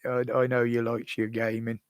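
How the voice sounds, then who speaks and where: A man's voice: medium pitch, completely flat delivery, moderate pace, clean tone, no echo. An older British man hosting a live stream from home, chatting casually with viewers in a rambling way, chuckling often. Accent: British English. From United Kingdom. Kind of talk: casual chat answering viewers. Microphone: desk microphone.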